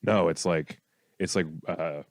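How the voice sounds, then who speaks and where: A man who is a guest on a comedy podcast, telling stories in a low-key, mumbling way during casual chat. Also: takes it slowly, vocal fry, no room sound, clean studio sound.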